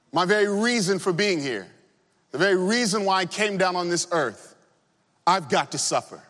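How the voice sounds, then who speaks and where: A male pastor delivers an impassioned sermon, his fairly high voice swooping up and down with lively range. He sinks low for weight, then lifts again. The sound carries the long reverb of a church hall. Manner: impassioned preaching with swooping pitch, drops low for emphasis.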